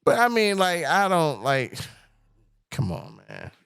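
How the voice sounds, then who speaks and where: A man hosting a podcast in casual chat, talking in an animated, profane way and often mimicking other people's voices. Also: fairly high pitch, slow, vocal fry, smooth, no room sound, clean studio sound. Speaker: podcast host.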